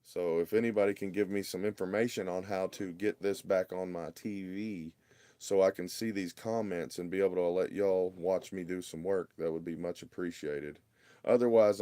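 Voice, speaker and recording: A man with a drawl and a very deep, low voice, talking casually on a livestream. He mutters and sounds exasperated, picked up by a phone in his home workshop. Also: dark tone, no echo. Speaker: RC hobby livestream host.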